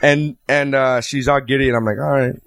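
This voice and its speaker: Fast-talking man telling a profane story. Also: mid-range voice, creaky, dry recording. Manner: profane, animated storytelling with acted-out quotes. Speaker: podcast co-host. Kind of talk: casual chat.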